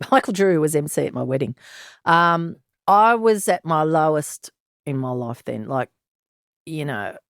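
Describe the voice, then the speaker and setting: A woman's voice: low-pitched, lively intonation, measured pace, no echo, studio quality. An Australian woman in her sixties, a former detective, telling her story frankly and bluntly in an interview. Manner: frank, blunt, earthy, with sighs and laughs. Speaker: former police detective, guest.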